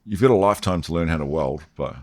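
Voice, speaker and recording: A man's voice: deep voice, quick pace. A New Zealand man in casual conversation, telling stories and lifting his voice when he quotes people. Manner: animated, lifts his voice for quoted dialogue. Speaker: guest, BMX rider. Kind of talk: casual storytelling chat.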